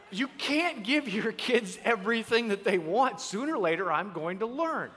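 Animated, bright-voiced male preacher. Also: high-pitched, normal speed, few pauses, long reverb tail, a little hiss or hum. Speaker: pastor. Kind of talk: sermon with comic storytelling.

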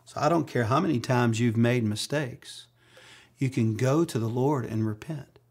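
A man's voice: mid-range voice, normal speed. A middle-aged man preaching a sermon as pastor, mixing humorous personal stories with acted-out quotes.

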